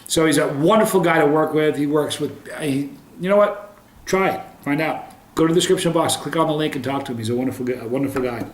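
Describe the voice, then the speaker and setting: A man with a slightly high voice talks through a pepper tasting review to camera. He is upbeat but halting, full of ums and restarts, and the room around him rings with echo. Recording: roomy echo.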